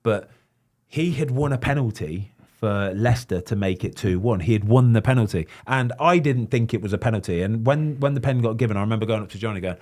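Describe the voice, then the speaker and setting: A man's voice: fairly low pitch, a little fast. A man in his forties hosts a casual chat. He tells stories with a lot of life and slips into other people's voices for the quotes. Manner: lively storyteller, acts out quotes. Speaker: podcast host, former goalkeeper.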